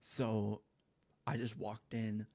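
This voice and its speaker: A man's voice: fairly low pitch, completely flat delivery, takes it slowly, warm tone, no echo. A young man casually telling a story time, rambling and profane, with lots of filler words, on a headset mic at home. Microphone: gaming headset mic.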